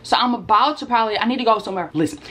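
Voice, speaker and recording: A woman's voice: fairly high pitch, rapid-fire, bright, forceful tone. A young woman, chatting casually in a rambling, slangy way while a little out of breath. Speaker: vlogger. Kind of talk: casual vlog chat.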